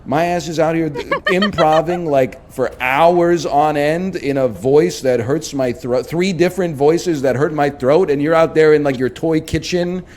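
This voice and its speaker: A man's voice: fairly high pitch, unhurried, few pauses. Guy rambling through funny parenting stories, faint noise in the background. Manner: rambling, animated, jokey storyteller. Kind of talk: casual storytelling chat.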